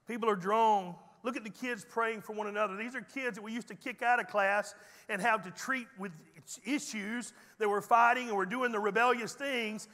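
Pastor, high bright voice, folksy joking sermon, big hall reverb. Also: male voice, fairly even intonation, moderate pace. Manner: folksy storytelling preacher with teasing humor. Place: church sanctuary.

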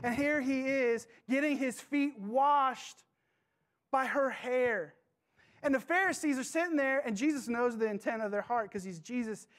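A man preaching a sermon to his church, passionate, with dramatic pauses and questions to the congregation. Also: very high voice, fairly bright tone. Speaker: pastor.

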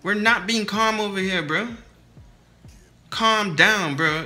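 A man's voice: sits high, takes it slowly, pushed and bright, faint music behind. A young man giving casual, heated commentary over his own basketball video game match, swearing and trash talking his teammates and opponents.

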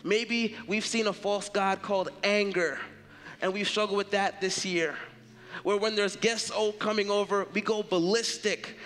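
A man's voice: high-pitched, fairly even intonation, a little slow, fairly bright tone. A man preaching a sermon as pastor, earnest and emphatic in a conversational way. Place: church sanctuary. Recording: reverberant church hall.

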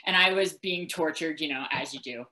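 A woman's voice: sits low, normal speed, pushed and bright, a little hiss or hum, poor audio. A woman actor on a convention panel, telling a story with laughter and energy. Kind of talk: casual anecdote.

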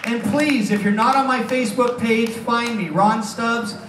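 A man's voice: very high-pitched, fairly even intonation, measured pace, a bit bright, slight background noise. A man working as a stage hypnotist, joking and bantering through his live comedy show in a casino showroom. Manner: brash, joking showman patter. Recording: echoey room from far off, crowd.

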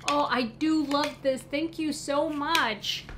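A woman vlogger talks casually in a fairly high voice. She gushes over things in an excitable way, with gasps and soft exclamations. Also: takes it slowly, background noise. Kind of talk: casual unboxing chat.

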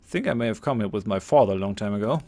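A man's voice: fairly low pitch, lively intonation, racing, darkish tone, natural voice. A man reading the lines of a young Viking thegn in a role-playing game, earnest.

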